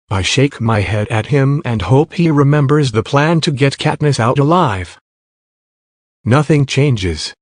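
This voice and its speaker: A man's voice: mid-range voice, darkish tone, dry recording. Man reading a story, dry sound. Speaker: story narrator. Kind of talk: reading fan fiction aloud.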